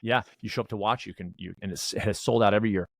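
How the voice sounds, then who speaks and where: A man's voice: lowish voice, fairly even intonation, racing, vocal fry, no room sound. A middle-aged man in a casual interview, telling a rambling story and acting out bits of dialogue. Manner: rambling storyteller, acts out dialogue, many restarts. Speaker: wellness director and race director.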